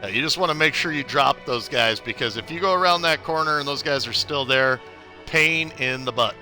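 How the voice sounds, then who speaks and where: A man's voice: medium pitch, fairly quick, bright, forceful tone, faint music behind. A young man streaming a video game live, chatty and upbeat, greeting viewers by name while giving tips. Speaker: gaming livestreamer. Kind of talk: casual live gameplay commentary.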